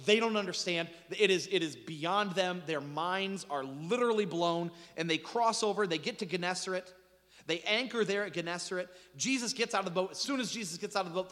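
A man preaching a sermon in an animated storytelling manner, with dramatic swings in pitch and loudness. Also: long reverb tail. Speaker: pastor.

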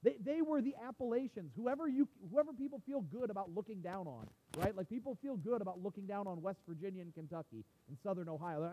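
A man's voice: sits high, lively intonation, fast talker, few pauses. A man preaching a sermon as a pastor, in a conversational way with frequent restarts and asides. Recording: dull sound with long hall reverb.

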